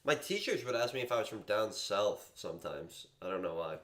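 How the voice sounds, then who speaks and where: A man's voice: lowish voice, very animated, brisk, fairly bright tone. A young man from Massachusetts chatting casually on a live trading stream, rambling and joking at his own expense. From Massachusetts, USA. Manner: rambling, self-deprecating, joking.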